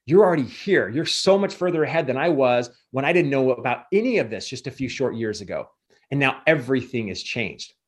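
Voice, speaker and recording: A man's voice: medium pitch, expressive, brisk. A man giving a motivational coaching talk as a guest speaker, emphatic and repetitive in his delivery.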